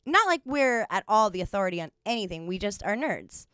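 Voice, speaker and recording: Young woman co-host, loose giggly chatter, crisp voice, dry room. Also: medium pitch, sing-song, brisk, sharp tone, dry recording. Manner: rambling, giggly, lots of fillers. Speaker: podcast co-host. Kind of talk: casual chat.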